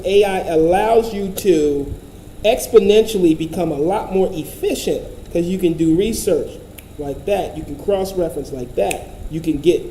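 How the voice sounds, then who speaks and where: A man's voice: sits high, mellow, reverberant, slight background noise, poor audio. A man giving casual commentary, profane, blunt and rambling.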